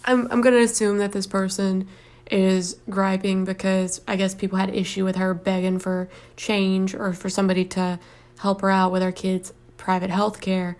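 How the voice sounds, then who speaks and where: A woman's voice: medium pitch, flat delivery, normal speed, darkish tone, clean tone. A woman hosting a vlog, giving blunt, sarcastic casual commentary on posts she reads, with plenty of ums, recorded at home. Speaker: vlog host reading Reddit posts. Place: home, planes heard outside.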